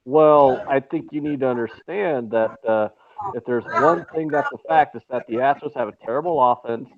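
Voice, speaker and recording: A man's voice: medium pitch, moderate pace, no echo. Sarcastic, swearing man on a tinny line. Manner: sarcastic, profane, ranting. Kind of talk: casual sports betting chat. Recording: tinny phone-like line, faint noise.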